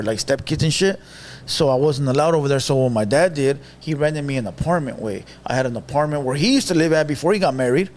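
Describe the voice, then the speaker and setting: With a medium-pitched voice and a faint hiss or hum on the recording, a young man spins an animated story for a podcast. He slips Spanish slang into his casual telling and performs the quotes.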